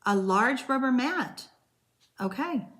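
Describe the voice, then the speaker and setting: A woman's voice: sits high, expressive, takes it slowly, fairly bright tone. A woman hosting a live-streamed card-making class, chatting loosely with viewers and answering their comments, with frequent hesitations.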